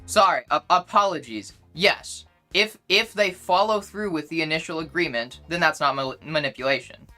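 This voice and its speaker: A woman's voice: sits low, sharp tone. Insistent young woman arguing with chat. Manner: insistent, argumentative, repeats points. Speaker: streamer. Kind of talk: casual livestream arguing with chat.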